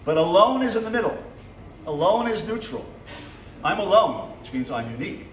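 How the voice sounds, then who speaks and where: Rabbi lecturing in an echoey classroom. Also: male voice, high voice, big pitch swings, moderate pace, slight background noise. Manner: asks the audience questions and acts out little dialogues. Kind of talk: motivational lecture to a live class. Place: seminary classroom. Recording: echoey room from a distance.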